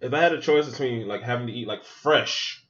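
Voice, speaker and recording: A man's voice: medium pitch, a little fast, a bit bright, muffled recording. A man hosting a podcast, giving loose, joking, profane running commentary while he watches a film. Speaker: podcast host. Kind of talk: casual movie watch-along commentary.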